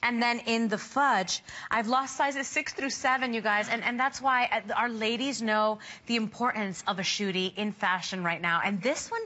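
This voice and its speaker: A woman hosting a shopping channel, gushing and excited as she pitches a product, a little sniffly from a cold. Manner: excited, gushing, fast selling patter. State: sniffly, under the weather. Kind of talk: live TV sales pitch. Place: TV studio.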